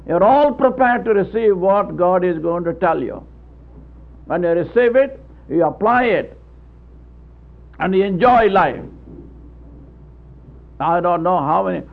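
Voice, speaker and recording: A man's voice: sits high, creaky. A man preaching a sermon in an earnest, folksy way, chuckling and stumbling over his words. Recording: tinny old radio broadcast.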